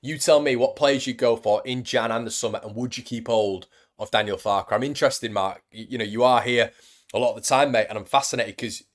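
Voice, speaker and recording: This young host of a football fan channel speaks fairly quickly in a mid-range voice. On his live stream he chats easily, reading viewer comments aloud and addressing everyone as mate or buddy.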